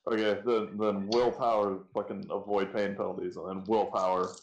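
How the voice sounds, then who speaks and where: A man's voice: fairly low pitch, little pitch movement, normal speed, dull audio, slight background noise. A man playing a tabletop game, casual and swearing often. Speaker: player. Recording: echoey room.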